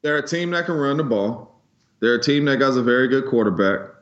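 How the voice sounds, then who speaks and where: A man's voice: mid-range voice, a little fast. A man, a former pro football player, chatting on a sports podcast and acting out sideline talk as he tells stories. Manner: animated storytelling, acts out sideline talk. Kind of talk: casual sports podcast chat. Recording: echoey room, dull lo-fi sound.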